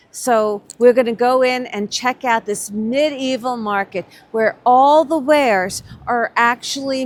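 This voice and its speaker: A woman giving casual, enthusiastic commentary while shopping at a winter market and admiring the crafts. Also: a little high. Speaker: vlog co-host shopping a market.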